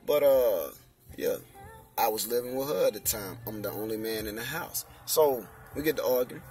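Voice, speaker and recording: A man's voice: medium pitch, moderate pace, dark tone, distant mic, faint music behind. A young man casually telling the story of his faith testimony, using lots of slang and saying "you know what I'm saying" again and again.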